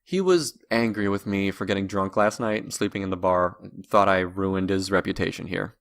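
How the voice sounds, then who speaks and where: A man's voice: deep voice, normal speed, fairly bright tone. A man voicing a weary, guilt-ridden adult man who talks in a hesitant, subdued way.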